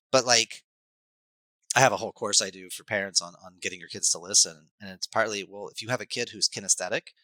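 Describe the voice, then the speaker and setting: Intense, sharp-toned man explaining. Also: lowish voice, dry recording, low-quality recording. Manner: energetic teacher, acts out scenes with sudden loud bursts. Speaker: life coach and hypnotherapist guest. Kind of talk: podcast interview, explaining at length.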